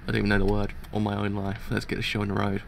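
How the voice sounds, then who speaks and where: A man's voice: fairly low pitch, monotone, racing, vocal fry, a little hiss or hum. A young man giving rambling, casual live reaction commentary, often correcting himself. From England. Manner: rambling, self-correcting chatter. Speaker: reaction streamer.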